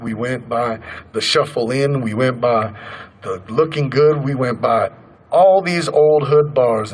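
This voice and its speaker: A man in his thirties speaks to a crowd, telling his own story. His voice sits in a middle pitch, and his manner is earnest and conversational. He slips into the voices of the people in his story as he goes. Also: slightly rough, low-quality recording. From Colorado, USA. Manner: earnest, conversational, acts out quoted dialogue. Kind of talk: personal storytelling speech. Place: protest gathering outdoors.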